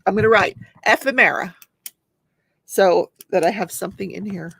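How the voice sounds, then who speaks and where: A woman's voice: mid-range voice, normal speed, gravelly, fairly bright tone, husky, dry recording. A woman in her forties hosting a live crafting stream, chatting casually, often laughing and reading viewer comments aloud. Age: 40s. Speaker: host of a live crafting show.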